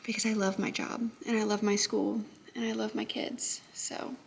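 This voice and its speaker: A young woman teacher vlogging in her classroom, chatting casually and thinking out loud, often gushing. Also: medium pitch, flat delivery, moderate pace, vocal fry, slight background noise. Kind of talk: casual vlog chat. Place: school classroom.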